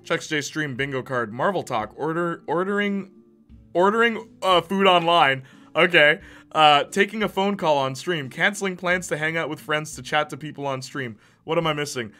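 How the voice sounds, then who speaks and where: A man's voice: a little high, moderate pace, few pauses, sharp tone, faint music behind. A young man from Canada, a streamer chatting casually with his viewers, loose and joking, laughing often. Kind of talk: casual chat, reading live chat.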